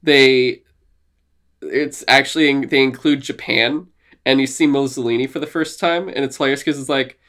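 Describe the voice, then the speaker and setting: A young man co-hosting a podcast in casual chat, excited and swearing often, laughing and putting on silly voices. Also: medium pitch, moderate pace. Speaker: podcast co-host.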